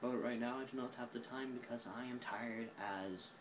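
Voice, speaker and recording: A man's voice: mid-range voice, steady tone, normal speed, background noise. A tired man with an Oklahoma accent, rambling goofily through a casual vlog monologue recorded on a phone while sitting indoors. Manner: goofy, drifting, self-mocking. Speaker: vlogger.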